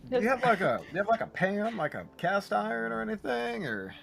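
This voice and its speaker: A man's voice: sits high, fairly quick, gravelly, faint music behind. A man playing a tabletop game, talking casually with frequent hesitations. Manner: hesitant, fillers, lively swings. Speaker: player.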